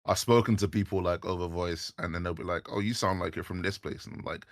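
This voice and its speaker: A man's voice: sits low, fast talker, no echo, studio quality. A man with a London accent chatting casually on a livestream, rambling with lots of fillers and restarts. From England.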